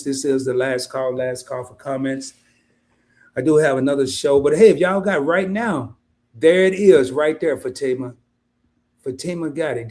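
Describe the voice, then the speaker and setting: A man hosting an investing livestream in a casual, colloquial way, addressing viewers directly as "y'all". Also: darkish tone. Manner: mimics worried investors in high voice.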